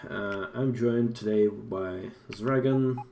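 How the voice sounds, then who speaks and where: A man hosting a casual group chat while playing a game, relaxed and joking. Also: fairly low pitch, slow pace, creaky, roomy sound, slight background noise. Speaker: host of a game stream.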